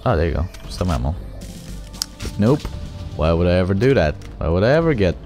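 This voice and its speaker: A young man giving excitable, profane let's play commentary, taunting enemies as he plays. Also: sits low, fairly quick. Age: young adult. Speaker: gaming channel host. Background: game music.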